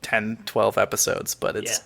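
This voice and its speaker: A man's voice: fairly low pitch, completely flat delivery, measured pace, vocal fry, sharp tone. A man co-hosting a podcast in casual chat, earnest, often repeating the first word of a sentence. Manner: earnest, stammers on starts. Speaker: podcast co-host.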